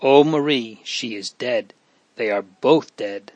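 A man reading the part of a stunned, grieving boy who speaks in a choked, hoarse voice. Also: mid-range voice, slow, no echo, lightly acted.

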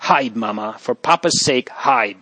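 A man's voice: mid-range voice, lively intonation, unhurried, bright, forceful tone, dry recording. A man voicing a brave young nobleman boy who speaks with earnest urgency. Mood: urgent.

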